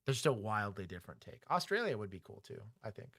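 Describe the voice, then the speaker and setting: A middle-aged former police officer with a Texan accent, co-hosting a casual livestream chat in a candid, joking way. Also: male voice, fairly low pitch, big pitch swings, quick pace, creaky, fairly bright tone, slightly rough, no echo, clean studio sound. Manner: candid, joking, talks things through aloud.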